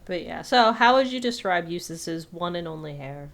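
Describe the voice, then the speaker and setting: A woman's voice: lowish voice, animated, normal speed. A young woman co-hosting a podcast in casual chat, easygoing and asking questions. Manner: easygoing, asks questions, laughs often. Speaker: podcast co-host.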